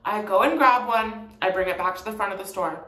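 A woman's voice: mid-range voice, brisk, bright, forceful tone. A young woman chatting through a storytime vlog with a sassy, gossipy tone and plenty of fillers. Her mid-range voice bounces around an echoey room. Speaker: vlogger.

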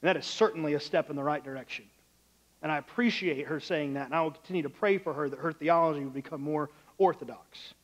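A man's voice: on the high side, fast talker, poor audio. A male pastor preaching a sermon in a church, loose and conversational, acting out the voices in his stories.

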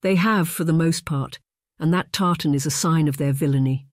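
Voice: mid-range voice, normal speed, dry recording, studio quality, lightly acted. A narrator voicing a middle-aged Scottish laird, drunk, bullying and blustering as he bellows at his family. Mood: angry bellowing.

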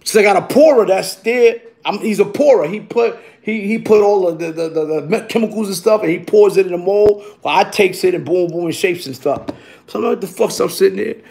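Man storyteller, high voice, profane street talk, voices for everyone, sound effects. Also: brisk, creaky, a little mellow. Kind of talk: casual spoken storytelling.

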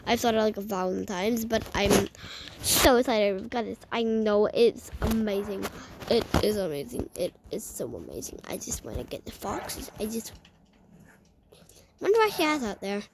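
Excitable gravelly woman gaming vlogger. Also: mid-range voice, measured pace, pauses often, heavy background noise. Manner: chatty, excitable, talks to herself while playing, often drops to a hushed whisper. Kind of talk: playing a game while narrating to viewers.

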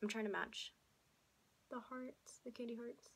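A young woman with a hoarse voice, chatting casually as a beauty vlogger through a makeup tutorial and often dropping into soft half-whispered asides. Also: a little high, steady tone, measured pace, poor audio. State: hoarse, losing her voice.

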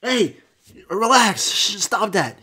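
A man voicing an excitable, easily spooked male dog in a high, loud, jumpy way. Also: slow pace, slightly rough, full character voice.

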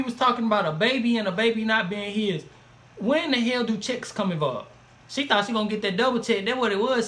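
A man's voice: high voice, a little fast, fairly bright tone. A man co-hosting a gossip commentary, reacting in casual slang. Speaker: co-host.

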